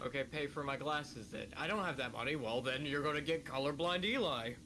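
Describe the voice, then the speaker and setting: A man's voice: mid-range voice, brisk. A young man chatting casually while gaming, telling stories with wry, joking complaints. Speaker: co-player, friend of host. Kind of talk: casual chat while playing. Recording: audible background noise.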